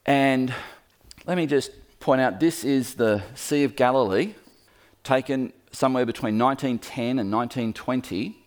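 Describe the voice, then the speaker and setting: Man, preacher, sermon, animated storytelling, talks to the room, middling pitch. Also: normal speed. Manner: lively storytelling, acts out quoted voices; speaks to the room, pointing at a map.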